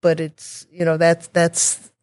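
A woman talking as a guest in a casual interview, chatty and quick to restart her sentences, with sarcastic asides. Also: on the low side, monotone, a little mellow, dry recording. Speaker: guest, technology consultant.

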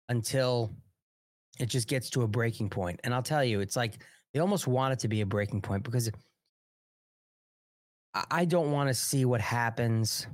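A man's voice: mid-range voice, no echo, studio quality. Blunt Long Island man hosting live. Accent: Long Island New York. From Long Island, New York. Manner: blunt, rambling, heated, with many restarts. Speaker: host of a live political show. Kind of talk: live political commentary.

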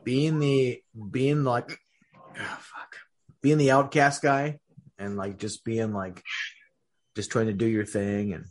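A man with hiccups, rambling haltingly through a casual podcast chat with many fillers. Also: medium pitch, level tone. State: has hiccups. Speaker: podcast co-host.

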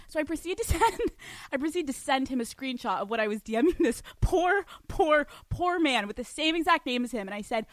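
A young woman hosting a podcast, telling a story in an animated, profane way with lots of laughter. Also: high voice, a little fast, no room sound. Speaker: podcast host. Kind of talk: storytelling monologue.

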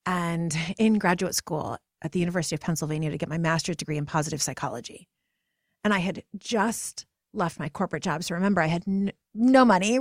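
A pregnant woman in her forties hosting a podcast, telling a personal story in an earnest, emotional way, her voice climbing higher when she gets passionate. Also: no echo, clean studio sound. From United States. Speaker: podcast host.

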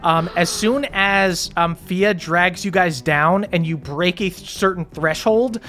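Give me a man game master narrating haltingly, with soft music underneath. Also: high-pitched. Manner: hesitant, lots of ums, relaxed.

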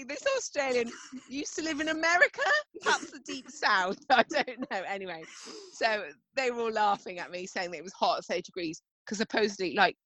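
A woman co-hosting a podcast, chatting casually with bubbly animated storytelling and frequent laughter. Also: medium pitch, no echo, rough recording. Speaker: podcast co-host. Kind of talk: casual chat.

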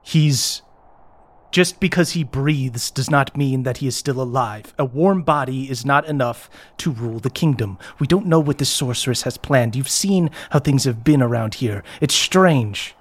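A man's voice: medium pitch, normal speed, close to an everyday voice. A man playing an earnest male knight, a captain of the guard, who speaks in a formal, pleading way. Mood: urgent.

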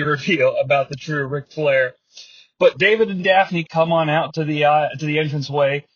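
Husky high-voiced man, wry, keeps laughing. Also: a bit bright, no room sound. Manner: laughs often, wry, rambling asides. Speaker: podcast host. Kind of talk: comedic wrestling recap. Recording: dry, slightly muffled podcast mic.

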